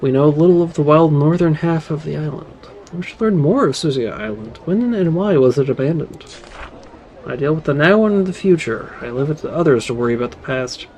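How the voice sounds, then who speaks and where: A man voicing a proud, wary male servile tribe leader in a game, measured and stern. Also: a little high, lively intonation, a little mellow, slight background noise, poor audio.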